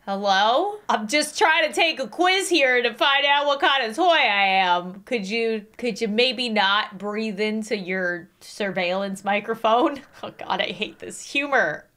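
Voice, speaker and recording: A woman's voice: fairly high pitch, lively intonation, unhurried, few pauses, bright, forceful tone. A young woman reacting aloud to a creepy quiz game, reading the questions out and laughing nervously. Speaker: gaming YouTuber.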